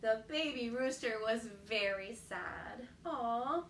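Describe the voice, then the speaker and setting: An animated woman reads a picture book aloud to young children, her high voice swooping up and down as she exclaims and asks them questions. She talks slowly and brightly. The recording is echoey and set back, in a home kitchen with faint background ambience. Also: recorded from a distance, slight background noise. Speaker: children's storytime host. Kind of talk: children's storytime read-aloud.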